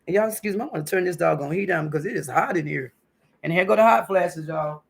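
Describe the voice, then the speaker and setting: A woman's voice: lowish voice, fast talker, creaky, slightly rough. A woman in her fifties hosting a casual home livestream, chatty and emotional, calling her viewers honey and baby. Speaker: livestream host. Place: at home indoors.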